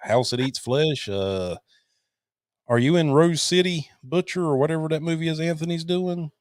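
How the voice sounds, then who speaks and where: A man's voice: on the high side, moderate pace, a little hiss or hum. A man hosting a podcast interview, chatting casually in a jokey, self-mocking way and laughing often. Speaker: podcast host.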